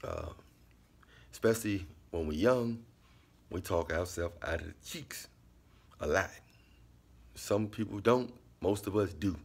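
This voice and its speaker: Low husky-voiced man musing casually. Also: sing-song, a little slow, pauses often. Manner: laid-back, repetitive, drops into quiet asides. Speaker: vlogger giving life commentary. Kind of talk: casual monologue.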